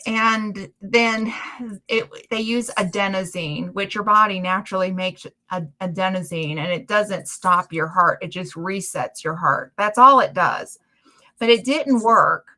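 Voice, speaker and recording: A woman hosting a casual chat stream, telling stories in a chatty, animated way. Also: mid-range voice, unhurried. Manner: chatty storytelling, animated retellings. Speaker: livestream host.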